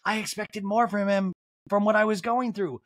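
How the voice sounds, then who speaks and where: A man's voice: high-pitched, steady tone, moderate pace, a bit bright, pitched above the performer's own voice. A man mimicking a bitter, snappish middle-aged woman in a raised, curt voice.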